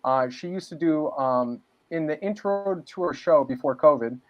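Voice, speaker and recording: A man's voice: a little high, expressive, normal speed. A man from New England chatting casually as a podcast guest, laid-back and saying "man" and "dude" a lot. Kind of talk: casual interview chat. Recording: dull lo-fi sound.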